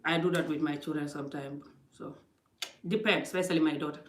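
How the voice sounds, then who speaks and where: A woman's voice: sits low, steady tone, a little fast, a little hiss or hum. Emphatic woman vlogging on a phone. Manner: emphatic, acts out quoted exchanges. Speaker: vlogger giving life advice. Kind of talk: casual motivational talk. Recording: roomy echo.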